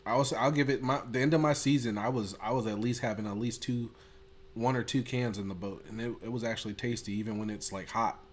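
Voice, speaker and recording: A man in a relaxed podcast conversation, co-hosting with an excitable, jokey delivery. He laughs often and swears casually as he talks. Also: mid-range voice, fast talker. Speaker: podcast co-host. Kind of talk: casual chat.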